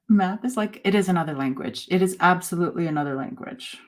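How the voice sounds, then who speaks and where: A woman in her forties hosting a casual live chat, talking in a halting way with many fillers and soft laughs. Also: on the low side. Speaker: host.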